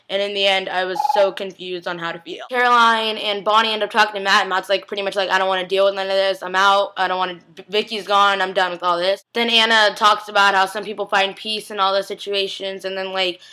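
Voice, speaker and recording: Bright-voiced young woman, rambling excitedly. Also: mid-range voice. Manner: rambling and gushing, full of "like" fillers. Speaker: TV episode recap vlogger. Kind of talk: casual chat.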